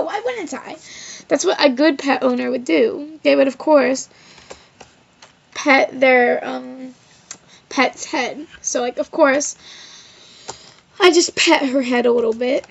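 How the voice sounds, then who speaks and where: A woman's voice: sits high, creaky. A female vlogger telling a personal story in a rambling, casual way, filling her talk with "like" and "of course.". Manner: rambling, heavy use of "like" and "of course". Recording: slightly dull lo-fi recording.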